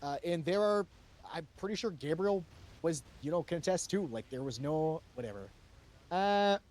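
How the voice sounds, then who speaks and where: A man's voice: a little high, lively intonation, moderate pace, darkish tone. A man recounting a roleplay story to a panel, rambling with lots of fillers and restarts and swearing freely.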